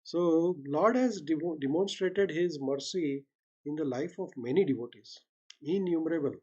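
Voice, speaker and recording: A man with an Indian accent delivers a devotional talk in a mellow, rather high voice. He speaks unhurriedly, checking in with his listeners now and then, and the recording is muffled and lo-fi. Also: moderate pace, husky. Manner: speaks unhurriedly, often ends points with a questioning "right?", mixes in Hindi. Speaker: satsang speaker.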